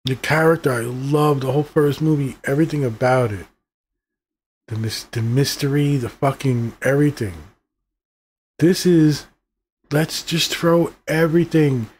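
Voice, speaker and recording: A man's voice: mid-range voice, fairly even intonation, a little slow, darkish tone, husky. A middle-aged man giving a casual, rambling movie review, profane and exasperated as he rants.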